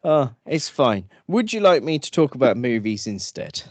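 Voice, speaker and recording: This podcast co-host has a mid-range voice at a moderate pace, with background noise behind him. In casual chat he's animated and joking around, repeatedly stammering and restarting, and often breaking into silly voices.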